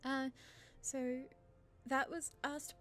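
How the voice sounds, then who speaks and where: A woman's voice: high voice, level tone, extremely slow, fairly bright tone, faint music behind. A woman of thirty from Australia with an English-sounding accent, answering viewer questions in a nervous, self-deprecating, rambling way. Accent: English-sounding, from a British father. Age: 30s. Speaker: channel host. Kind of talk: nervous Q&A chat to camera.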